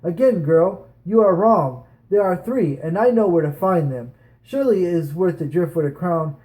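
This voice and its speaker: A boastful pirate king with a slightly high voice makes grand, sweeping proclamations to his captains, as a man reads him aloud. The lines come as an amateur audiobook reading. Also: animated, moderate pace, dark tone, rough recording. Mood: scornful.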